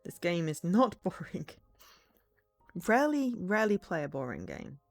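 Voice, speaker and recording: A woman's voice: fairly low pitch, big pitch swings, normal speed, creaky. A woman streaming a game from home, chatting casually and self-deprecatingly into a desk microphone, sometimes reading lines aloud, with faint game music behind. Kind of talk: casual let's-play commentary.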